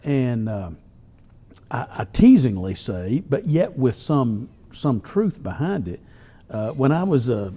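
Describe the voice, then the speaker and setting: An older man, a columnist telling folksy stories in an interview at a drawn-out pace. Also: mid-range voice, very animated, dark tone. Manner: folksy, drawn-out storytelling with chuckles. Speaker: newspaper columnist and humorist. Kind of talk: storytelling interview answers.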